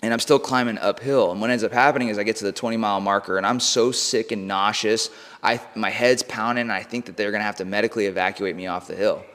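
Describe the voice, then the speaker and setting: An American mindset coach, guesting on a podcast, tells a personal story in slangy, casual speech, cursing freely and saying "bro" and "like" constantly. He talks fast in a lowish, fairly bright voice with fairly even intonation, and there's a long room reverb.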